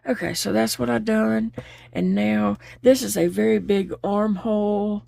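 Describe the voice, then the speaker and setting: A woman's voice: medium pitch, fairly even intonation, a little slow, creaky, warm tone, no echo, clean studio sound. A woman chatting openly while she crochets, laughing easily as she talks. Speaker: crochet vlogger. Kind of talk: casual chat while crocheting.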